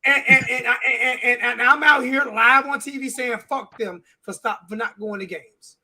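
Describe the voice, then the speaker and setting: A man's voice: extremely high pitch, moderate pace, pushed and bright. A man on a sports talk show, ranting with heavy swearing and repeating his words. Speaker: show regular.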